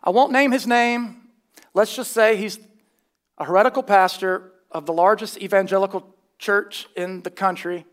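A man's voice: high-pitched, steady tone, moderate pace. A man preaching a sermon, emphatic and dryly scornful, mixing plain teaching with wry asides. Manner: emphatic, scornful of false teaching, dry humor.

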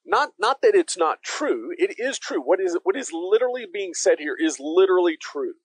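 A man's voice: high voice, very animated, normal speed, no echo, low-quality recording. A man preaching a conversational sermon as pastor, emphatic and speaking directly to his listeners.

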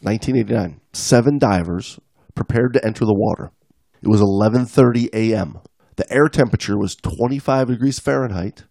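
A man's voice: on the low side, vocal fry, dark tone, no echo, clean studio sound. A man in his forties co-hosting a podcast, reading an article aloud and dropping in wry casual asides. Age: 40s. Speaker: podcast co-host.

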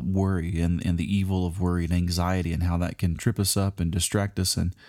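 A man giving a Bible lesson in a conversational, unhurried way, with frequent fillers and restarts. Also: deep voice, warm tone, no room sound, clean studio sound. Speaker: preacher.

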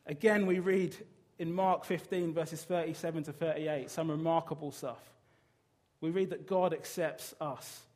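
A preacher with a notably high-pitched male voice delivers his sermon. He speaks earnestly and with emphasis, turning often to rhetorical questions for his listeners. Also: steady tone, a little slow, a little mellow.

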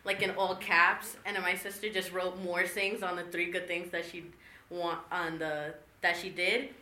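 A woman's voice: lowish voice, little pitch movement, moderate pace, bright, forceful tone. A young woman telling a story in casual group chat, chatty and full of fillers. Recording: echoey room, faint noise.

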